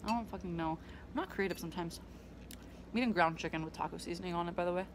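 A woman's voice: on the low side, very fast, slight background noise. A young woman chatting casually in a vlog from her bedroom, swearing freely and rambling with lots of ums. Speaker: vlogger.

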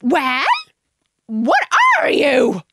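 A woman voicing a frantic, shrieking female pigeon in a storybook reading, shrill and scolding. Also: huge pitch swings, slow, heavy background noise, heavily acted. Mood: contemptuous. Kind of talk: storybook read-aloud.

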